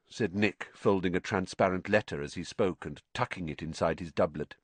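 A man narrating an audiobook with expressive storytelling. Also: low voice, moderate pace, breathy edge, no room sound. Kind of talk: scripted narration.

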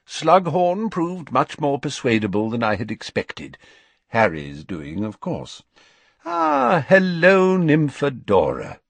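A man voicing an old, courteous and calm wizard headmaster in an audiobook reading. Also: mid-range voice, gravelly, dry recording, voice pushed up, heavily acted. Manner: courteous, measured.

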